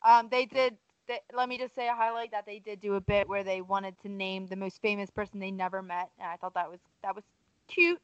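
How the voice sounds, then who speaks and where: A woman's voice: mid-range voice, steady tone, a little fast, smooth, dry recording, lo-fi sound. Wry woman co-hosting, dry sound. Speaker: podcast co-host. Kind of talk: casual podcast banter.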